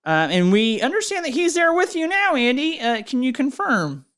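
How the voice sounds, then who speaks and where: A woman's voice: high voice, big pitch swings, normal speed, fairly bright tone. A woman co-hosting a comedy podcast, reading and asking questions in a mock news-anchor manner. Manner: mock news-anchor delivery, breaking into laughter.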